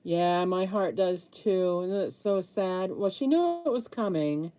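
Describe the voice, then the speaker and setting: Low-voiced older woman chatting candidly. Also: lively intonation, unhurried, dark tone, clear, resonant tone. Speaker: livestream host answering viewer comments. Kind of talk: casual live chat while painting.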